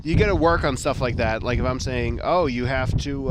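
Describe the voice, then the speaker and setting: A man with a slight Boston accent doing joking, animated co-commentary at an outdoor baseball game. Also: medium pitch, normal speed. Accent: Boston, mostly held back. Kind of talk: casual play-by-play banter. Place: outdoors at a ballfield. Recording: loud wind noise outdoors.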